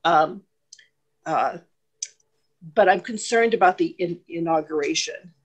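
A woman's voice: on the low side, unhurried, husky. A woman party member asking a question on a video call, emotional and hesitant, rambling with many ums and restarts. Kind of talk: question in an online meeting.

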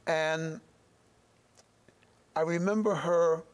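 A middle-aged man giving an earnest, halting church testimony in an interview, often repeating words as he searches for them. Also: on the high side, steady tone.

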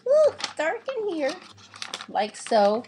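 Shu, a woman doing a brisk sock puppet. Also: sits high, wildly swooping pitch, music in the background, exaggerated voice. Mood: playful. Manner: brisk, directing, playful. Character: bossy little sock puppet Shu, the show's planner. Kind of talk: puppet show rehearsal.

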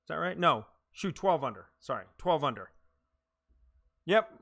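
A man's voice: fairly high pitch, very animated, normal speed, gravelly, fairly bright tone. A man streaming a game live, reacting aloud to his own shots, swearing when frustrated, poking fun at himself and chatting with viewers. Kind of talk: live gameplay commentary.

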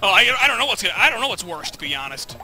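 A man streaming a video game live, chatting playfully with his viewers and reacting loudly to the game. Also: high-pitched, big pitch swings, rapid-fire. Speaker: gaming livestreamer. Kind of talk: casual livestream commentary.

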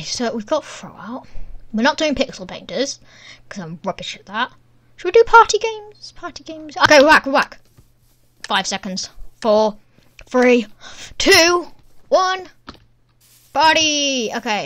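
A woman giving excitable gameplay commentary, exclaiming and thinking aloud while she plays. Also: high-pitched. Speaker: gaming channel host. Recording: keyboard clicks and typing in background. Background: keyboard typing noise.

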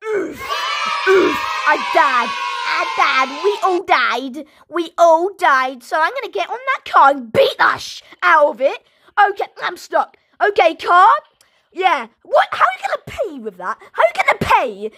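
A woman giving goofy, excitable gameplay commentary, shouting now and then, with a sore throat. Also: very high-pitched, measured pace, soft background music. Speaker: gaming video creator.

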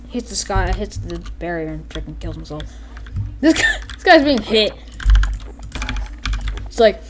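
A woman giving excitable gameplay commentary, rambling with lots of "like" and "freaking" and breaking into yelps and shouted sound effects. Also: mid-range voice, moderate pace, very noisy.

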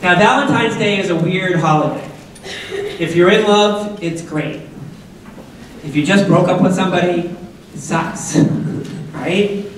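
A man's voice: high voice, slight background noise. A middle-aged man from Massachusetts gives a conversational personal story at a school assembly, asking the audience questions and making jokey asides. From Massachusetts, USA. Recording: very echoey hall, voice from far off.

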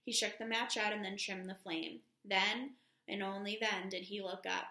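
Gravelly woman reading a novel aloud. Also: medium pitch, normal speed, roomy sound. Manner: steady reading, announces page numbers. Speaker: teacher.

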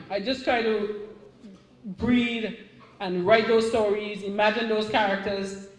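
A middle-aged woman with a Caribbean English accent, an author speaking to a live audience at a book signing in a chatty, animated way. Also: on the high side, recorded from a distance. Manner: chatty, animated storytelling with restarts. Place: event room. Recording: echoey room.

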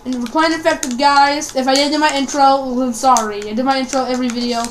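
A woman's voice: sits high, fairly even intonation, fast talker, a little hiss or hum. A woman making a casual gaming video, rambling and swearing often as she plays. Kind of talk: casual gameplay commentary.

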